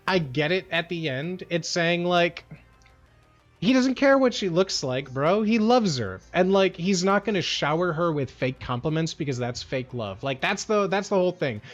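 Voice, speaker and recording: A man's voice: high-pitched, animated, moderate pace. A man chatting casually on a livestream, rambling and slangy and full of "like" and "bro.". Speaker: livestream streamer. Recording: dull lo-fi sound with faint music.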